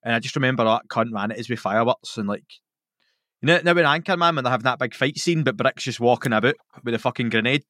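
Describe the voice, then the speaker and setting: Brief: Glaswegian man, podcast guest, swears freely, animated storyteller, dry close mic. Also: mid-range voice, quick pace, dry recording. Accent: Scottish, Glaswegian. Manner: sweary, animated, laughs through his stories. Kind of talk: casual storytelling chat.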